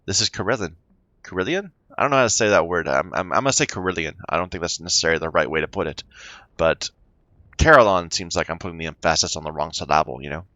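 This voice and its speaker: A man's voice: low voice, quick pace, bright, forceful tone, dry recording, lo-fi sound. A man playing a story game, reading its text aloud and chatting about his choices, stumbling over unfamiliar words. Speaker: let's play gamer.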